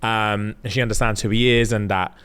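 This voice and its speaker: A man's voice: fairly low pitch, little pitch movement, brisk, a bit bright, smooth. A man, casually retelling a novel's plot on a podcast, acting out the characters' lines in slang. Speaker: podcast co-host.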